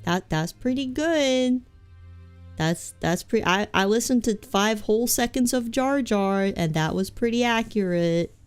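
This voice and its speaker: A woman's voice: on the high side, expressive, a little slow, smooth, faint music behind. A young woman streaming a game, chatting in a rambling, goofy, self-mocking way with many restarts. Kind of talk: live game stream chat.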